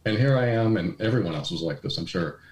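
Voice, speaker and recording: A man's voice: sits low, lively intonation, quick pace, a little mellow. A man guest in an interview, telling personal stories candidly and with self-deprecation, acting out quoted dialogue as he goes. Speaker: podcast guest. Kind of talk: conversational storytelling. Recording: roomy echoey recording.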